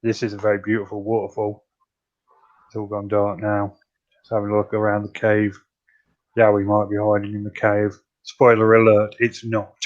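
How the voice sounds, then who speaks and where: A man's voice: lowish voice, monotone, normal speed. A man hosting a podcast, chatting casually and joking in a laid-back way. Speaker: podcast host. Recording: dull lo-fi audio.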